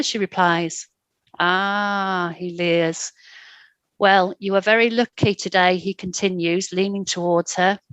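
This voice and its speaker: Low-voiced woman reading a story. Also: a bit bright, dry recording. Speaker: podcast guest reading her story. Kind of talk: reading a short story aloud.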